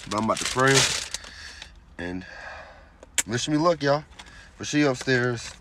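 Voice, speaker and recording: A young man hosting a casual vlog, talking to his viewers in an excited, slangy way from his car. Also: mid-range voice, a little slow, pauses often, background noise. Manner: hyped, slangy, addresses viewers as y'all. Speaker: vlogger host. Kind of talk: casual vlog talk to camera. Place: in a parked car.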